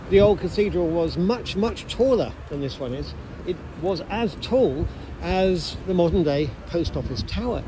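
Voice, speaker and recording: A man working as a London tour guide, explaining sights in short videos and asking the viewer questions as he goes. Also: a little high. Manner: animated, asks the viewer rhetorical questions. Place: around London sites, in and out of doors. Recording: noisy city street sound.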